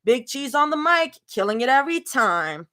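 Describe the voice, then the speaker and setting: A woman's voice: high-pitched, sing-song, normal speed, sharp tone, pitched above the performer's own voice, exaggerated voice. A woman voicing a playful mother and former idol rapper, rapping in an over-the-top freestyle style. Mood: showy.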